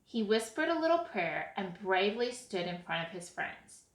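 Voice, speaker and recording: A woman reading a children's picture book aloud in an expressive way as storyteller. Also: medium pitch. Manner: expressive, slow read-aloud. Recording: echoey room.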